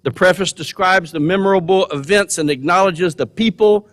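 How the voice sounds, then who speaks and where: A man's voice: high-pitched, normal speed. Earnest older man speaking in a reverberant gym. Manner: folksy, earnest, repeats words for emphasis. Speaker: commencement speaker. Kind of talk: commencement speech. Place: large college gymnasium. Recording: long hall reverb.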